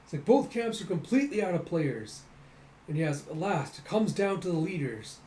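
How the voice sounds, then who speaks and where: A man's voice: sits high, normal speed. Man reading comics with sound effects. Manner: animated, acts out sound effects. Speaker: comic readthrough host. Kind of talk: casual comic readthrough. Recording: echoey room, faint noise.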